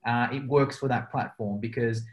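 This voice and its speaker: A man's voice: medium pitch, fairly even intonation, normal speed. A man hosting a casual podcast interview, loose and chatty, with a lot of filler phrases. His voice sits in an ordinary middle register. The recording carries a noticeable roomy echo. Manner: chatty, fills with "you know". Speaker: podcast host.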